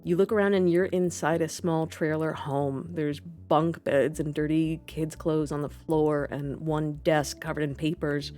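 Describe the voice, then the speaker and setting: Low-voiced woman game master. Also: fairly even intonation, unhurried, hardly any pauses, a little mellow, soft background music. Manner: vivid second-person scene narration. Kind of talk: narrating a tabletop game.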